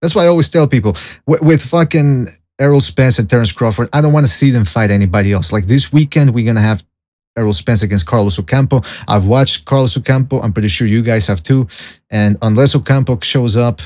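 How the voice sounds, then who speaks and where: Opinionated, low-voiced man hosting a boxing podcast. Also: fairly quick, a little mellow, no echo. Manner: opinionated, rambling, reads out chat and jokes. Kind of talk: solo livestream podcast chat.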